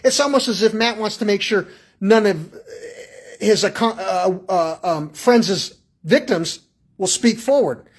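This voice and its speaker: A man's voice: high-pitched, a little slow, slightly rough. A man calling in to a radio show with a rambling, agitated, profane rant that jumps between thoughts and acts out little exchanges. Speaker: caller.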